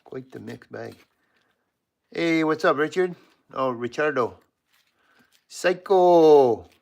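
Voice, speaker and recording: A man's voice: medium pitch, a little slow, gravelly. A Canadian man hosting a live stream from his home workshop, chatting casually and greeting viewers by name while he works. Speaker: livestream host.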